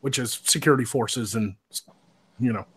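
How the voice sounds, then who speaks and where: A man's voice: medium pitch, moderate pace, slight background noise. A man in his thirties, an army veteran, telling profane war stories in casual chat, laughing often. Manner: profane, laughing, shouts when quoting others. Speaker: podcast co-host, army veteran.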